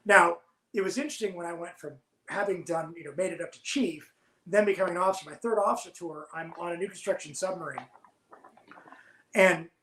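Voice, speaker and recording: A man, a former submarine officer, telling lively stories as a podcast guest and laughing often. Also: high-pitched, a little fast, roomy sound, rough recording. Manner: animated storyteller, laughs while telling. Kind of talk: storytelling in casual podcast chat.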